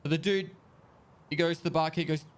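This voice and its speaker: A man casually telling a joke to friends during a game session. His voice sits fairly high, and his telling is loose and full of fillers. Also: fairly even intonation, fairly quick, clear, resonant tone. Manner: loose, filler-heavy storytelling.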